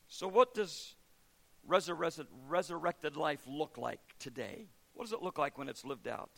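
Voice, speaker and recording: A man preaching a sermon as pastor, telling stories and acting out the voices of people in them, swinging from quiet to loud. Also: fairly high pitch, animated, a little slow, vocal fry.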